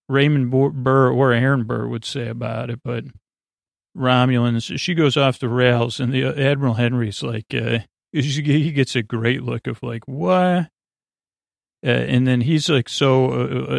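Rambling man with a gravelly voice. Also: medium pitch, no room sound, studio quality. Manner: meandering, halting delivery with many "uh" fillers. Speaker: podcast host. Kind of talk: rambling episode recap for sleep.

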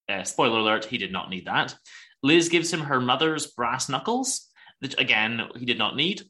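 A man's voice: mid-range voice, sing-song, a little fast, pushed and bright. A man co-hosting a podcast, casually retelling a TV episode and laughing often as he goes. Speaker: podcast co-host. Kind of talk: casual chat recapping a TV episode.

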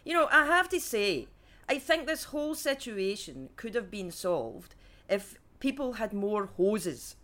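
Animated woman ranting on a comedy podcast. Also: medium pitch, a little slow. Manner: animated, exclaiming, incredulous. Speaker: comedy panelist.

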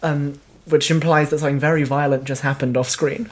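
A woman's voice: deep voice, steady tone, a little fast, a little hiss or hum. A woman from Cornwall with a Cornish accent, co-hosting a podcast, reading out facts in giggly, rambling casual chat. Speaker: podcast co-host.

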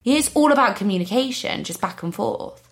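A woman's voice: a little high, expressive, normal speed. A young woman co-hosting a podcast, giving frank advice in casual chat. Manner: frank, chatty. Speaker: podcast co-host.

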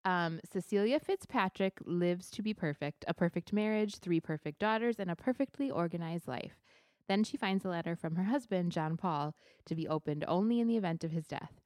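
A woman co-hosting a casual book club podcast, chatty and quick to laugh. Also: on the low side, a little mellow, dry recording, studio quality. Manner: chatty, laughs easily, reads a synopsis aloud. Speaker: podcast co-host.

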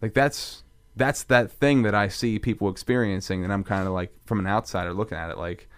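A man's voice: lowish voice, steady tone, fairly quick, clear, resonant tone. Rambling man in his thirties. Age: 30s. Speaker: podcast co-host. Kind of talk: casual faith podcast chat.

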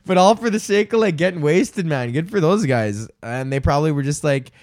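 A man's voice: on the high side, lively intonation, a little fast, darkish tone, no echo, clean studio sound. A young man hosting a comedy podcast, ranting casually with lots of swearing and laughter. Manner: profane, laughing, jumps into silly mock British voices. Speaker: podcast host.

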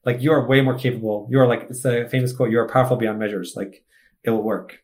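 An Egyptian man with no foreign accent speaks as a podcast guest and student mentor in a casual conversation. His mid-range voice moves at a quick pace with fairly even intonation, and he sounds chatty, upbeat and self-assured, peppering his talk with "like."

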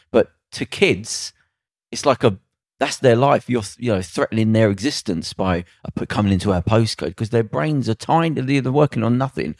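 A man's voice: medium pitch, expressive, normal speed, vocal fry, a little mellow, no echo, clean studio sound. A man telling stories in blunt, sweary casual chat, acting out the voices he quotes.

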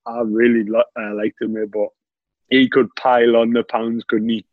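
A man's voice: medium pitch, flat delivery, normal speed, no room sound, phone-quality sound. A man telling stories in a casual chat, laughing often and saying "mate" constantly. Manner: laughs a lot while telling anecdotes, says "mate" constantly.

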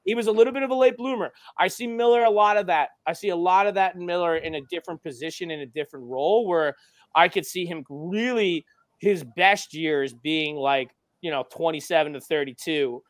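A man guesting on a podcast as a coach, voicing strong opinions frankly. His voice sits fairly high for a man, and the sound is dry and close. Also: a little fast, no echo. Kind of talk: casual chat.

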